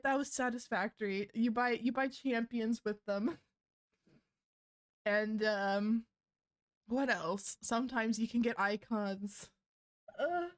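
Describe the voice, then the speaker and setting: A young adult woman streaming a game, chatting casually and breaking into helpless laughter. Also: a little high.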